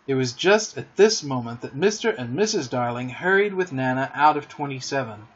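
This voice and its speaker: A man reading a children's storybook aloud as a podcast host, expressive and gentle. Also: mid-range voice, moderate pace, breathy edge, muffled recording.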